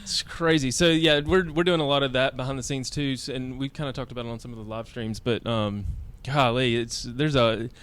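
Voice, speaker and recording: A man in his thirties with a smooth, resonant voice at a middle pitch. He talks in loose, casual podcast chat, often restarting and groping for the right words. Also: steady tone, a bit bright. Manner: halting, searching for words with many restarts and fillers. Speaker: podcast co-host.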